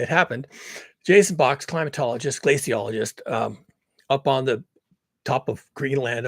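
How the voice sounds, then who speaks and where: A sardonic man rants to camera in a husky, slightly breathy voice. He is blunt and swears freely, and the dry sound has no room echo. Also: mid-range voice. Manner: sardonic, blunt and profane, laughs often. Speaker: climate commentary vlogger. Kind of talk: casual monologue to camera.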